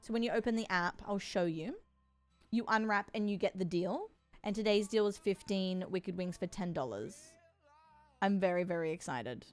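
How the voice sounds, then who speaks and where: A young woman with a soft Australian accent chatting casually on a live stream. She is bubbly and chatty, gushes with excitement, and fills pauses with frequent ums. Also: on the low side. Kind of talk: casual live-stream chat with a sponsor read.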